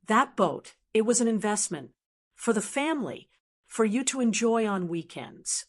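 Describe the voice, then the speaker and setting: A woman voicing a furious grown son who shouts and blusters in a storybook reading. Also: on the high side, expressive, unhurried. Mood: pleading.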